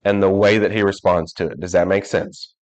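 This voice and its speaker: A man's voice: deep voice, fairly even intonation, a little fast, poor audio. Joking man preaching a sermon. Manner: joking, storytelling, acts out quoted people. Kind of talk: casual sermon. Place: church hall.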